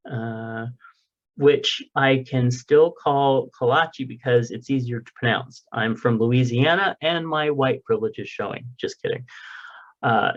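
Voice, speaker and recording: A man's voice: medium pitch, a bit bright, muffled recording. A man co-hosting a casual podcast, reading listener mail aloud in a loose, joking way with the odd swear. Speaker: podcast co-host.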